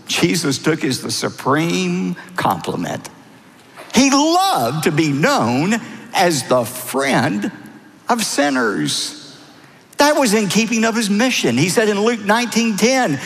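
A middle-aged pastor delivers a sermon in a church, his voice sitting a little high for a man. He swoops up and down with lively expression and acts out the people he quotes. The sound carries a long reverberant tail from the hall. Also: slow, gravelly.

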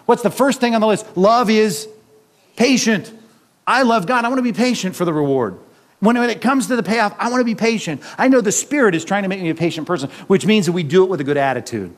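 A man's voice: sits high, lively intonation, fast talker. A man preaching a sermon as pastor, talking conversationally with the congregation and tossing in frequent rhetorical questions and chuckling asides.

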